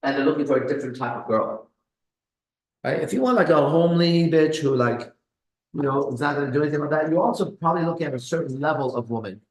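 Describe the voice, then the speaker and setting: A man with a somewhat high voice talks casually and boastfully, swearing freely. He drops into low mutters, then bursts out loudly. The room around him is echoey and hard. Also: lively intonation, fast. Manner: boastful, profane, swings between low mutters and loud bursts. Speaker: pickup coach host. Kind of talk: casual live stream chat. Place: kitchen.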